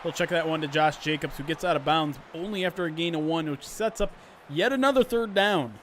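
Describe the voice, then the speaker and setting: Guy streaming a football sim, calling plays with excitement and chatting with chat, a bit higher voice, faint hum behind. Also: brisk. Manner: animated play-by-play mixed with chatty asides to viewers; clears his throat often. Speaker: streamer doing play-by-play. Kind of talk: livestream sports play-by-play commentary.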